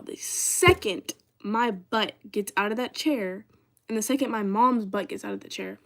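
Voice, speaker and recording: A young woman talks straight to her livestream audience in a loose, rambling way. Her voice sits a little on the high side, and her sentences keep circling back through "like" and "y'all" in relaxed storytelling. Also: slight background noise. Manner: chatty, heavy use of "like", addresses viewers as "y'all".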